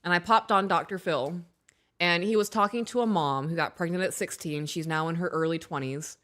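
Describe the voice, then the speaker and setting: A woman in her thirties co-hosting a casual podcast, reading aloud and telling animated stories about her kids. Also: on the low side, fairly quick. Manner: animated storyteller, acts out her own raised voice. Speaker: podcast co-host.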